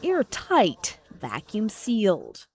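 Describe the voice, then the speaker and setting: A woman news reporter with a Newfoundland accent, reading a scripted report in a polished, measured cadence. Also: medium pitch, huge pitch swings, crowd noise. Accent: Newfoundland English.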